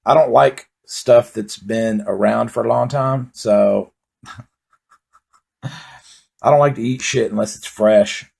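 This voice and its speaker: A man's voice: mid-range voice, slow pace, creaky, long pauses, a little mellow, husky. A man delivering a rambling, profane comedic monologue in a laid-back storytelling way. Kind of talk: stand-up style comedic monologue.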